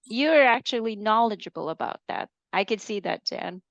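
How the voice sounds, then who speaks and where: A woman's voice: mid-range voice, lively intonation, creaky, dry recording. A woman interviewing a couple in a casual, encouraging way. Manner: encouraging, quick to agree. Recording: dull, dry sound.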